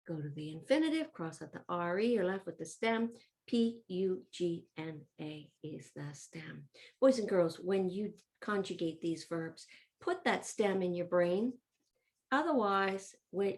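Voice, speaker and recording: A woman teaching a recorded Latin review lesson to children. She speaks in an upbeat, encouraging way, addresses the kids directly and chants word forms in rhythm. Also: medium pitch.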